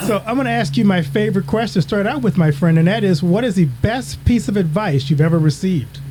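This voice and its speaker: A man's voice: high voice, expressive, fast talker. A man hosting a podcast, introducing his guest and asking questions in an upbeat way. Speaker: podcast host. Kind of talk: podcast interview.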